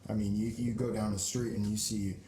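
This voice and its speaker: A man's voice: lowish voice, flat delivery, a little fast, warm tone. A young man from Portland, a band member speaking earnestly and hesitantly with many ums in an interview. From Portland, Oregon. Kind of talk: casual interview chat. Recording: echoey room with faint noise.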